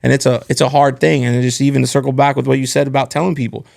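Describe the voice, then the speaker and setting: Gravelly-voiced man telling candid stories. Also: mid-range voice, little pitch movement, rapid-fire, darkish tone. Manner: candid, earnest storytelling about work. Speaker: podcast host. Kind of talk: casual podcast conversation.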